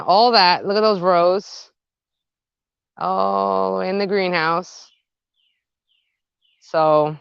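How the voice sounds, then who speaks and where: A woman chatting excitedly as she walks a phone camera through her backyard garden. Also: medium pitch, dry recording, highs cut off. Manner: chatty and excitable, gushing over her plants. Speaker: gardening vlogger. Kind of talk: casual walk-and-talk vlog.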